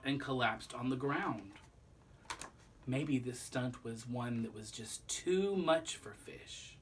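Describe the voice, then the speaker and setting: A man reading a children's book aloud, pausing to explain the lesson to young listeners. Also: medium pitch, pushed and bright, recorded from a distance, a little hiss or hum. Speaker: storybook reader.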